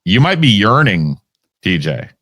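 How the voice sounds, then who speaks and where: A man's voice: lowish voice, big pitch swings, a little slow, a bit bright, no echo, studio quality. A man in mocking podcast banter, teasing and sneering.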